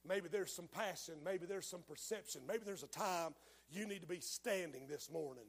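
A man preaching a fiery sermon, dropping to a hush and then rising to shouts. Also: high-pitched, normal speed, in a large hall. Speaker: pastor. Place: church sanctuary.

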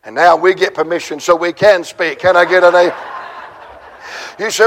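A man preaching a sermon in church, telling a story with dramatic, shouted climaxes. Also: high-pitched, fairly even intonation, normal speed, slight background noise.

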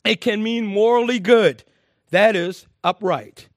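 A man preaching a sermon to a congregation, lively and emphatic, with frequent laughs and repeated phrases. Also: high-pitched, unhurried, no echo, clean studio sound.

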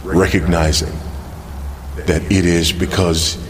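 A man preaching a sermon, earnest and searching, asking pointed questions with pauses for emphasis. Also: low-pitched, little pitch movement, a crowd in the background. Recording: long hall reverb.

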